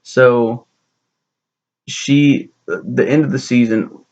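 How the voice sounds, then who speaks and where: A man's voice: medium pitch, steady tone, very slow, darkish tone, highs cut off. A young man rambling through a sarcastic, profane recap of a TV show, acting out the characters' lines as he goes. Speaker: show reviewer.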